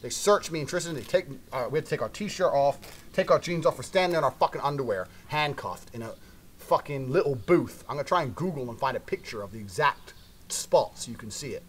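Brash, fast-talking man swearing through a story. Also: medium pitch, expressive, a little hiss or hum. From Britain. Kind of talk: profane anecdote telling.

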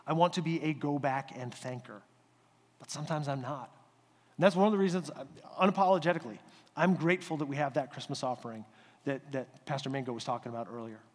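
A male pastor giving a conversational, animated sermon in a church sanctuary. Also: a little high, in a large hall.

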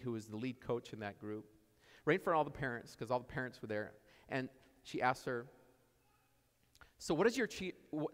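A man delivers a relaxed, story-driven sermon, circling back to repeat his main points. His voice sits at an ordinary middle pitch. It rings out with the long reverb of a church sanctuary. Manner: conversational storytelling, repeats key phrases. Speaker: preacher.

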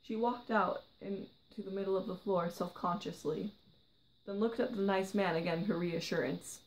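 A woman vlogger reading her own short story aloud, quiet and gentle. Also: mid-range voice, normal speed, rough recording.

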